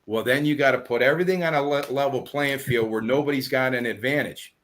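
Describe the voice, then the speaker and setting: A man's voice: mid-range voice, fairly quick. Man explaining his sales methods. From southern United States. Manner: animated storyteller acting out phone calls. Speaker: guest real estate agent.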